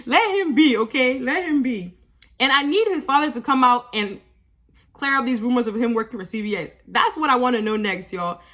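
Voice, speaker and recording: A woman's voice: fairly high pitch, lively intonation, brisk, fairly bright tone. A young woman recapping a reality show for her channel, chatty and sassy, laughing often and talking straight to her viewers. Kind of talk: casual show-recap vlog.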